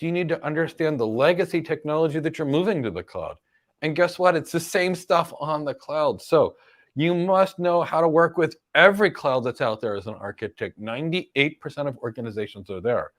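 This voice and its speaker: A man's voice: a little high, expressive, a little fast. A middle-aged man with an American accent hosting a live Q&A and giving career advice in an emphatic way, full of rhetorical questions. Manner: emphatic, rhetorical questions, repeats key points. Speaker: cloud career coach and host.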